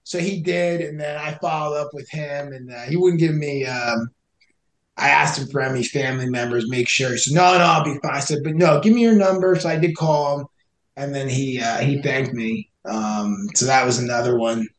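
Speaking at medium pitch and a moderate pace, a young man on a podcast relates a hiking rescue from his search and rescue experience. He keeps it casual and animated, acting out both sides of the talk, and the recording is reverberant.

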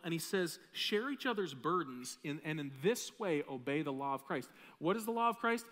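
A high, bright male pastor preaching a sermon, loose and conversational, teasing his congregation between points. His voice rings out with a long reverb through a big church hall. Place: church sanctuary with a live audience.

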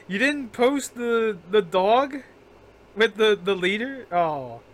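A man co-hosting a casual podcast, rambling with lots of fillers, restarts and frequent laughter. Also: high-pitched. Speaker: podcast co-host.

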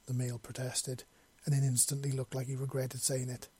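A man's voice: medium pitch, completely flat delivery, moderate pace, a little mellow, breathy edge, no room sound. A man narrating his own fan fiction in a casual, sweary storytelling manner. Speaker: narrator, podcast author.

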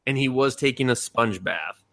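On a podcast he co-hosts, a man recaps anime in loose, casual chat, animatedly acting out quotes with swearing and laughter. His voice is mid-pitched and moderately paced, and the recording is dry.

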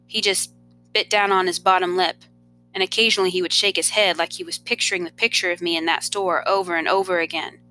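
A woman, a teacher, reading a novel aloud in an expressive first-person storytelling manner. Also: medium pitch.

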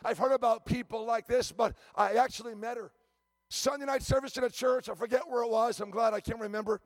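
A man's voice: very high-pitched, fairly even intonation, fairly quick, dry recording, studio quality. A man preaching a sermon as a visiting preacher, telling stories emphatically with frequent restarts and stammers.

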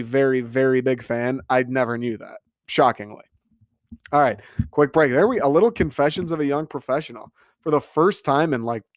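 A man in his twenties riffs alone on his podcast, swearing freely and rambling with excitement. His voice sits at an ordinary middle pitch. The recording is dry and close, with no room sound. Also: dry recording. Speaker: podcast host. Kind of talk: casual solo podcast monologue.

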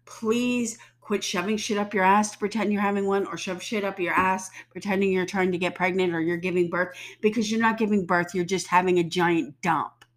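A woman's voice: medium pitch, steady tone, brisk, few pauses. A woman in her fifties with a stuffy nose and sore throat, ranting bluntly and profanely to the camera. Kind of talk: casual rant to camera.

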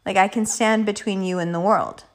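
A woman quoting an earnest, protective young man in a soft, lowered voice. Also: steady tone, moderate pace, close to an everyday voice.

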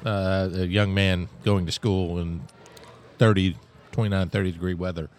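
A man's voice: low voice, little pitch movement, moderate pace, darkish tone. A middle-aged man co-hosting a podcast, telling stories in a dry, casual way. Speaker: co-host. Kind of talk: casual chat.

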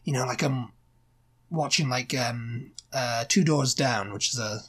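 A woman's voice: very deep voice, unhurried, husky. A woman co-hosting a podcast, chatting casually with lots of fillers and acted-out quotes. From Scotland. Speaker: podcast co-host. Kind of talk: casual chat.

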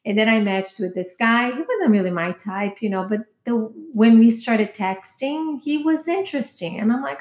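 A woman's voice: on the high side, expressive, normal speed, hardly any pauses. Frank, foul-mouthed woman telling stories. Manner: candid, profane storytelling with quoted dialogue. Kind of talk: casual chat. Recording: echoey room.

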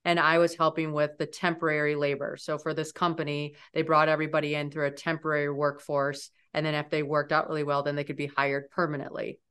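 A woman in her forties speaks as a podcast guest with a fairly low voice. She tells her stories in an animated, lively way. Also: quick pace, few pauses, clean tone. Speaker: interview guest. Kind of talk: storytelling in an interview.

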